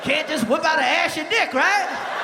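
A man performing a profane stand-up comedy set in front of a live audience, with a loud, punchy delivery. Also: very high voice. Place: large theater stage with live audience. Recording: echoey live venue, crowd noise.

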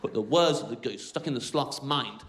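A man's voice: mid-range voice, moderate pace. A man doing stand-up comedy, telling an absurd rambling story in a sardonic manner. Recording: roomy club sound with loud crowd.

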